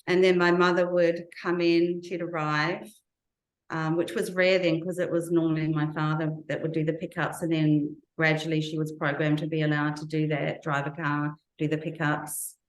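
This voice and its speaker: Low-voiced woman recounting her past earnestly. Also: flat delivery, normal speed, echoey room, rough recording. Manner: earnest, reflective storytelling with recalled detail. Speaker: interview guest. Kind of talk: personal testimony in an interview.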